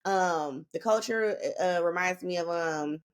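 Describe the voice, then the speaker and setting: A woman's voice: lowish voice, a little slow. A woman, a podcast guest talking in a laid-back, slangy, rambling way. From Northern California. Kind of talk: casual chat.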